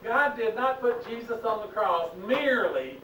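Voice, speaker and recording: A very high, somewhat bright male voice swings widely in pitch as he teaches Bible class at a moderate pace in a church classroom. His style is emphatic and preacherly, with questions to the class. Slight background noise and echo come through the distant mic.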